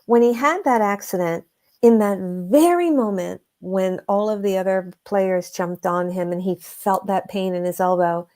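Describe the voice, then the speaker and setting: A woman guest, an energy healer, telling stories in a conversational way, earnest and emphatic, slowing down to stress her points. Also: mid-range voice, darkish tone. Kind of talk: conversational storytelling.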